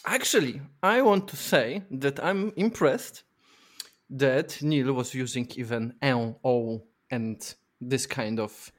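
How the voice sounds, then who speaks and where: A man's voice: mid-range voice, slow pace. A man, judging in casual chat with playful teasing. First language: Polish. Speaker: judge and co-host.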